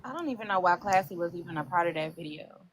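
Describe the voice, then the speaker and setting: A woman's voice: lowish voice, quick pace. A woman teasing the others in a casual live gossip chat. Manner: teasing, animated.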